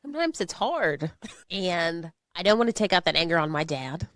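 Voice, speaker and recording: This co-host chats casually on a podcast, her lowish voice swinging widely in pitch and sounding a little bright at an ordinary pace. She's frank and expressive and frequently laughs through heavy subjects, captured in clean studio audio without any room sound.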